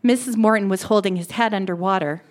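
A woman reading a first-person short story aloud in a steady, plain manner. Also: medium pitch, fast. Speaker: reader.

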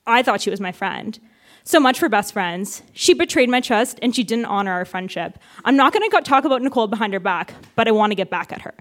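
A woman's voice: on the high side, lively intonation, brisk. A woman reading her teenage diary aloud on a theatre stage, often laughing through her lines. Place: theatre stage with a live audience.

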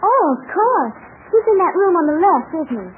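An actress playing a flustered, kind young nurse in a 1940s radio drama. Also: female voice, extremely high pitch, very animated, moderate pace, narrow, tinny audio. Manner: flustered, breathless. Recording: scratchy 1940s radio broadcast.

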